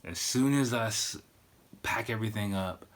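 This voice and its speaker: A man with a very low voice hosts a podcast and tells his story in a relaxed, rambling way. He swears freely and keeps falling back on "like" and "you know." He sounds middle-aged. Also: normal speed. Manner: profane, laid-back, loose with fillers like "you know" and "like". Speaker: podcast host. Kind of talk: casual storytelling monologue.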